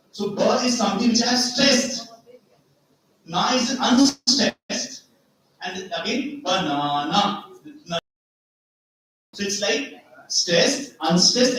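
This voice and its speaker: A man giving a seminar lecture with slides, explaining step by step, repeating key words and asking rhetorical questions. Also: high-pitched. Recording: very echoey hall, far from mic.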